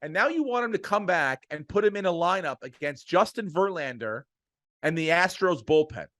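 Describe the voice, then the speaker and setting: With lively intonation at a moderate pace, a middle-aged man whose voice sits high and fairly bright rants about sports as a podcast co-host. His heated delivery is emphatic and full of profanity, captured in studio quality with no room sound.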